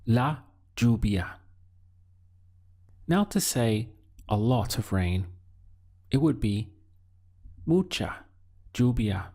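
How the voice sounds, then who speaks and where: A man teaching a Spanish lesson, speaking deliberately and pausing so the learner can answer. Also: mid-range voice, lively intonation, dark tone. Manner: slow, deliberate teaching with pauses for learner practice. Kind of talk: video language lesson.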